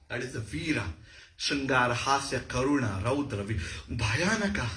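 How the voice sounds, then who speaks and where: A man with an Indian accent giving an animated university lecture on dance. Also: mid-range voice, normal speed. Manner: explanatory, animated. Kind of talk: lecture with demonstrations. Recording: echoey hall.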